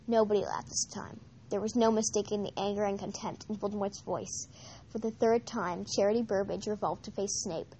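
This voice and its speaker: A woman narrating a novel aloud in an amateur reading, measured, with occasional slips and restarts. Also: medium pitch, steady tone, mellow, slight background noise. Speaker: audiobook reader.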